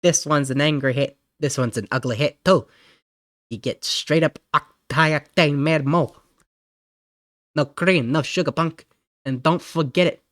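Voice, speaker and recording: A man voicing a grumpy tough-guy male mole in a put-on Boston or New York mob accent, gruff and scolding. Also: a little high, a little slow, a bit bright, no room sound, studio quality. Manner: gruff, scolding, calls the listener punk.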